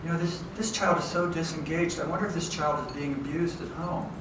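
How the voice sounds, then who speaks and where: A man giving a lively, conversational lecture to educators, often checking in with his audience. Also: a little high, brisk. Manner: lively, conversational, keeps checking in with "okay?" and "right?". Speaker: education professor giving a talk. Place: large hall with an audience. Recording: echoey hall from far off, faint noise.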